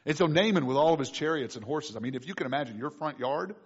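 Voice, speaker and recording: A man preaching a sermon as pastor, animated and quick to act out voices of the people in the story. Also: a little high, breathy edge. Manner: animated, acts out voices of figures. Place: church sanctuary. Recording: dull lo-fi recording with long reverb in a church.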